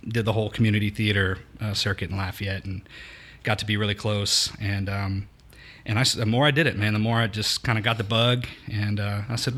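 Laid-back man, low voice. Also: steady tone, fairly quick, fairly bright tone. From Louisiana, USA. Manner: laid-back, self-deprecating, many fillers. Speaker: actor guest. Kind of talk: casual interview chat.

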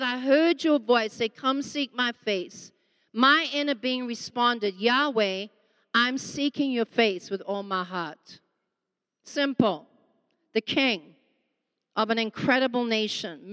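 A woman's voice: on the high side, fairly bright tone, smooth. Impassioned woman preaching in a hall. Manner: impassioned, emphatic, slows down to stress words. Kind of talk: sermon. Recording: long reverb of a large hall.

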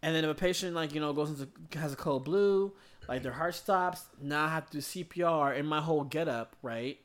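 A man's voice: on the high side, a little fast. A man who works as an emergency room nurse, talking in a rambling, profane, casual way about his shifts. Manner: rambling, profane, many fillers. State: tired. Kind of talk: casual podcast chat.

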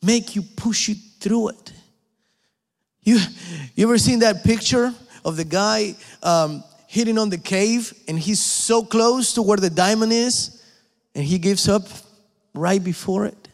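A man preaching a sermon, emphatic and pleading, dropping at times to hushed whispers. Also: sits high, unhurried, long reverb tail.

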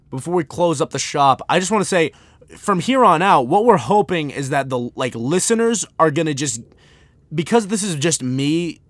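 A young man rambling through a solo podcast, packing his talk with fillers and jokey asides. His voice sits at an ordinary middle pitch, recorded dry and close. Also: a bit bright, no room sound. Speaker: podcast host. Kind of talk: casual solo podcast monologue.

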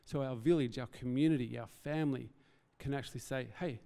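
A man's voice: medium pitch, fairly quick, gravelly, dark tone. A man preaching a sermon as pastor, earnest and conversational, with self-deprecating asides. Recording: reverberant hall.

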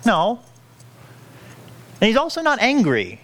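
Earnest male preacher with a lively voice. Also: high-pitched, measured pace. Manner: earnest, pleading, self-correcting with frequent restarts. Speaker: pastor. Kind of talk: sermon.

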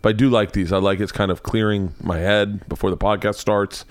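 A man's voice: lowish voice, little pitch movement, brisk. A man hosting his podcast, rambling in casual chat and often restarting his sentences. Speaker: podcast host.

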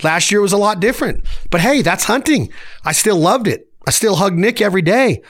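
A man in his forties delivers a fired-up solo rant as a podcast host. His voice sits a little high for a man, and he talks in emphatic, punchy bursts. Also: expressive, a little fast, fairly bright tone. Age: 40s.

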